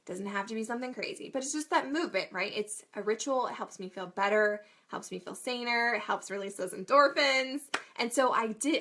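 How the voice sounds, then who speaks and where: A bright, forceful woman in her thirties chats to her viewers like a friend, self-deprecating and quick to laugh. Her voice sits a little high, and she talks in loose, casual runs. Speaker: mom vlogger and coach. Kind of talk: casual talk to camera.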